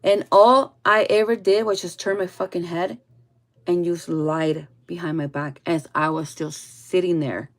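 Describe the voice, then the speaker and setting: A woman giving a casual spiritual reading to her viewers, blunt and full of swearing, often trailing off soft and low. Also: steady tone, measured pace. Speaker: tarot reader.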